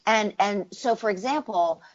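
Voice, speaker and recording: A woman's voice: medium pitch, measured pace. A woman from the United States, a voice actor and dialect coach, explaining things in a casual interview and demonstrating sounds with her voice. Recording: slightly muffled interview audio.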